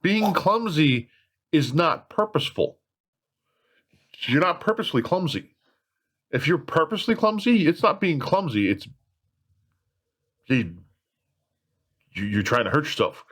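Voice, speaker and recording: A man's voice: on the high side, very animated, unhurried, pauses often, fairly bright tone, breathy edge. A man hosting a casual question-and-answer chat, rambling through long explanations with chuckles. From California. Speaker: host.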